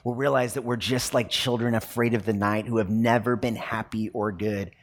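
Animated conversational male pastor. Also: lowish voice, normal speed. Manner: conversational and animated, many fillers. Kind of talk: sermon.

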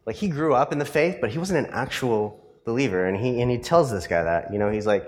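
A man's voice: medium pitch, animated, a little fast. A male pastor preaching a sermon in a conversational storytelling way, full of fillers and tag questions. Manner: rises to passionate emphasis in the closing points.

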